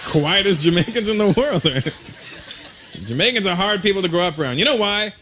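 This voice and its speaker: A male stand-up comedian on stage, telling animated, mocking stories and slipping into voices. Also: high-pitched, a little fast. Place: on stage before a live audience. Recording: live stand-up recording, loud background noise.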